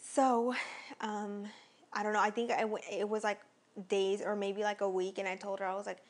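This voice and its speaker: A woman's voice: medium pitch, little pitch movement, moderate pace. A young woman vlogger telling a personal story in a casual, rambling way, full of fillers and restarts.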